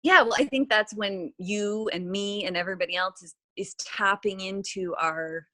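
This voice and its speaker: A woman talking as a podcast guest, animated and reflective, often restarting and trailing off mid-sentence. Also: mid-range voice, moderate pace. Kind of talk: casual podcast conversation.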